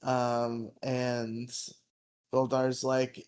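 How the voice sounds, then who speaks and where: A male podcast co-host talks slowly and unhurriedly, recapping an episode in a loose, rambling way. He fills pauses with "uh" and "um" and laughs often at his own asides. His pitch sits in an ordinary middle range. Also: fairly even intonation. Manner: rambling, laughing, many fillers.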